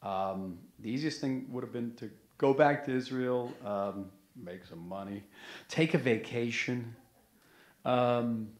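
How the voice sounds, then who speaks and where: A former ambassador talking in an onstage interview, animated and emphatic, often restarting his sentences. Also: medium pitch, slow. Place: museum event hall. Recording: roomy event hall sound.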